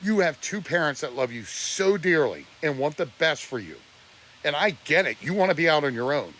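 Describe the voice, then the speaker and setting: A man lecturing his viewers on a live stream, blunt and preachy, sounding close to tears. His voice sits a little high and swoops up and down. Faint noise hums under the phone mic. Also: big pitch swings, normal speed, sharp tone. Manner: preachy and blunt, voice breaking with emotion. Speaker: livestreamer. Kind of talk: emotional live-stream rant.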